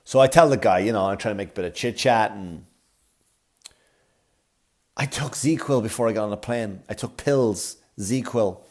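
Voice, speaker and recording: A man's voice: on the low side, moderate pace, pauses often. Profane Irish-born man telling a comic story. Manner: animated, profane, sarcastic. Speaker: comedian podcast host.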